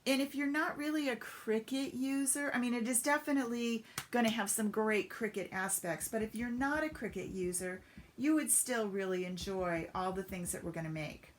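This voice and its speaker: A papercraft demonstrator with a voice on the high side chats at a moderate pace through a step-by-step craft demo on a live stream, greeting viewers as she works. There is slight background noise.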